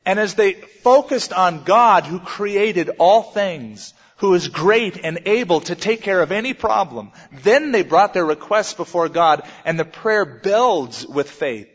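A man preaching a sermon in an emphatic style with dramatic pauses. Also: slightly rough. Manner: emphatic, dramatic pauses, lively swings in pitch. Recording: dull sound with long hall reverb.

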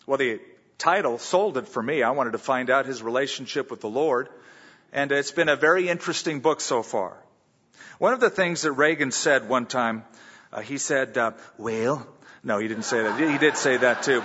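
Man preaching a sermon, earnest, husky voice, long hall reverb. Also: mid-range voice, fairly bright tone, lo-fi sound. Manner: earnest preaching, reads scripture aloud, slows for emphasis. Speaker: pastor.

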